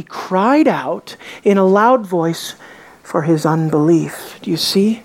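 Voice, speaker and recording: A woman preaching a sermon, emphatic and full of rhetorical questions, dropping to a hush on key words. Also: medium pitch, a little slow.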